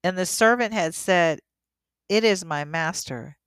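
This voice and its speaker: A woman reading scripture aloud at a steady pace and breaking in now and then with emotional asides of her own. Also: fairly low pitch, measured pace, clean tone, dry recording. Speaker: scripture teacher.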